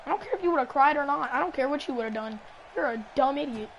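A woman playing a wrestling video game with a friend, teasing and trash-talking, repeating taunts and bursting into yells. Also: sits high, fast, dull audio, a little hiss or hum. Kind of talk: casual gaming commentary.

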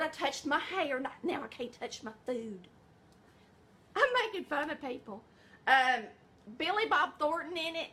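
A middle-aged woman from the American South, with a high, sharp-toned voice and a Southern US accent, chats in her home kitchen and sounds tired. A home cook hosting a casual, chatty vlog, she's folksy and rambling, saying things like y'all and honey.

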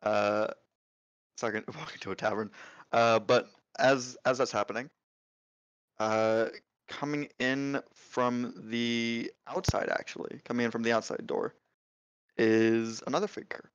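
A man's voice: mid-range voice, steady tone, a little slow, clear, resonant tone, dry recording. Game master guy rambling through the scene with lots of uhs, dry and kinda muffled audio. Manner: hesitant, filler-heavy description. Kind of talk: narrating a tabletop game.

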